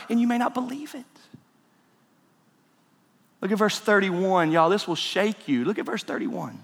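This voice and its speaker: Male pastor, high voice, emphatic sermon, reverberant church hall. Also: normal speed, creaky, long pauses. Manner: emphatic preaching, swings between loud and hushed. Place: church sanctuary.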